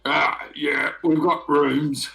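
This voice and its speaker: A man's voice: on the high side, little pitch movement, slow, gravelly, sharp tone, pitched above the performer's own voice, heavily acted, poor audio. A man voicing a burly male half-orc doorman who talks bluntly in laid-back slang. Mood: gruff casual.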